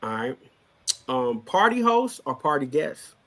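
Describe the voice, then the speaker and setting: A man co-hosting a casual podcast chat, joking around and dropping quick asides. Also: on the high side, big pitch swings, gravelly, a bit bright. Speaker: co-host.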